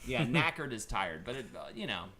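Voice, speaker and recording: A man hosting a live stream, chatting casually and loosely with plenty of swearing while pitching donations. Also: big pitch swings, fairly quick, over a noisy crowd. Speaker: stream host.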